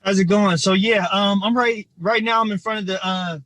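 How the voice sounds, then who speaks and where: A man from Ohio, a community organizer speaking outdoors, choked up and halting with many fillers. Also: high voice, fairly even intonation, a bit bright, no room sound, poor audio. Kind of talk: livestreamed protest testimony. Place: outdoors in front of a state capitol.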